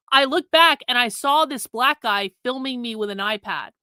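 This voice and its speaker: Woman host telling a story, bright tense voice, swears a lot, pretty high, dry sound. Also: slow, dry recording. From United States. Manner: animated, profane, acts out her own past lines. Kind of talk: casual storytelling monologue.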